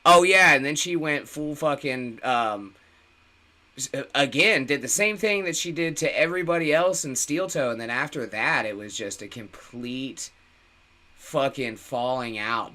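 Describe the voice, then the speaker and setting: A man's voice: medium pitch, pushed and bright. A man in casual, profane podcast chat, telling a story bluntly and with lots of swearing.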